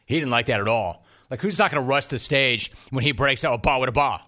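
A man's voice: medium pitch, fast talker, bright, forceful tone. A man hosting a talk radio show, chatting wryly and reading listener messages. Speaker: radio sports talk host.

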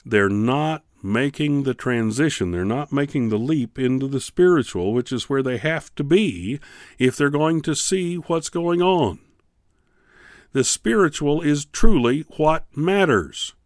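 A man teaching a Bible class on the radio, preaching in a fervent, pleading way with slow, emphatic pauses. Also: medium pitch, lively intonation, no echo, clean studio sound. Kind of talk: radio sermon.

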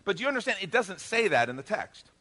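A male pastor delivers a sermon as lively storytelling, acting out dialogue and joking with the congregation. His voice sits high and swings widely in pitch. The tone is bright and forward. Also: fast talker. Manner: animated storytelling with acted-out dialogue and jokes.

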